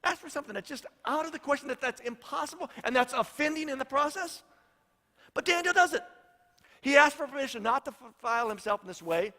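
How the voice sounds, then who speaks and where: Man, pastor, sermon, high pitch, storytelling, repeats for emphasis, long church-hall reverb. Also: lively intonation, quick pace, sharp tone.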